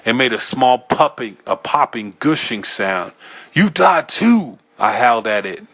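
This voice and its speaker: A man with a lowish voice reads a first-person horror tale aloud. His delivery is tense and halting, with small slips he corrects as he goes. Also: bright, forceful tone. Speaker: audiobook reader.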